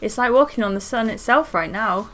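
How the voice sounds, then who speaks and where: A woman's voice: fairly high pitch, fairly quick, fairly bright tone, faint music behind, natural voice. A woman reading the lines of a friendly, easygoing young man from a dating game, without doing his accent. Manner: casual friendly read-aloud, no accent attempted. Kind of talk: reading game dialogue aloud.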